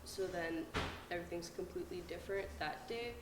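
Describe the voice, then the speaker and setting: A woman's voice: lowish voice, a little fast, noisy background. A young adult woman, a powerlifter, chatting casually to camera in a vlog and filling her talk with lots of "like". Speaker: powerlifter vlogger.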